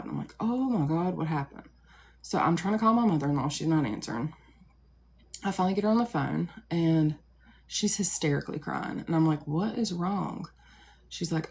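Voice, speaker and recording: Low, gravelly woman telling a rambling story. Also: a little mellow, slight background noise. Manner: rambling, with many likes and asides. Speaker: live streamer. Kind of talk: casual storytelling to a live audience.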